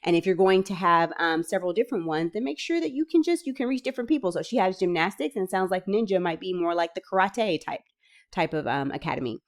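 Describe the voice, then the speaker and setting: Enthusiastic woman with a lowish voice. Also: fast. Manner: enthusiastic, chatty asides, bursts of excitement. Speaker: small business funding vlogger. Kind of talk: reading out grant details with casual commentary.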